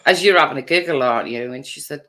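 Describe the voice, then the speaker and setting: A woman's voice: deep voice, fast, sharp tone. A woman telling blunt, wry stories in casual chat.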